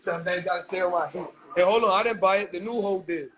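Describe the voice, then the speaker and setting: High-voiced man, rowdy livestream banter. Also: fast talker, crowd noise. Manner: rowdy, laughing, swearing banter. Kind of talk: casual livestream chat.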